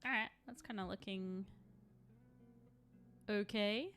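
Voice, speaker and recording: A woman's voice: medium pitch, slow, a bit bright, faint music behind. A young adult woman chatting casually on a live stream while she paints, rambling and laughing often.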